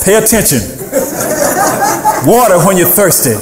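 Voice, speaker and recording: A man preaching a sermon as pastor, animated, calling out to the congregation and half-singing some phrases. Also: high-pitched, a little slow, crowd noise, noisy background. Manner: animated preaching with call-and-response and sung phrases. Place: church sanctuary. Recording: echoey church room.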